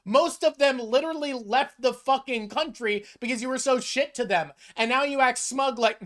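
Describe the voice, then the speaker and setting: A woman's voice: sits high, moderate pace, few pauses. Ranting, emphatic woman streamer. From North America. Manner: emphatic, ranting, swears often. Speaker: streamer host. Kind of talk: casual chat reacting to chat.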